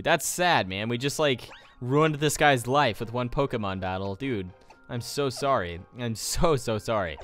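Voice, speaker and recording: A man's voice: medium pitch, a bit bright. Young man rambling through gameplay. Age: young adult. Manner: rambling, jokey asides. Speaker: let's play host. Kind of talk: casual gameplay commentary.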